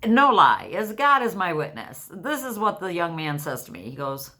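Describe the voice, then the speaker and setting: Woman in her sixties, deep low voice, chatty vlogger, storytelling. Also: animated, moderate pace, sharp tone. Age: 60s. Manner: chatty, storytelling, laughs often. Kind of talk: casual chat to camera.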